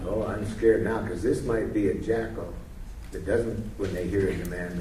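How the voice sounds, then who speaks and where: A man leading a workshop, coaching a participant and telling a story in an animated way. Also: on the low side, normal speed. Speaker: workshop leader. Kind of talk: teaching workshop, role-play demonstration. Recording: echoey room, distant mic, faint noise.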